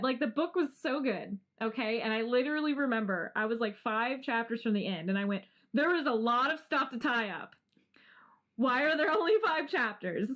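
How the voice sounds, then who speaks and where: A young adult woman co-hosting a podcast in casual chat, animated, laughing often and swearing freely. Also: a little high. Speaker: podcast co-host.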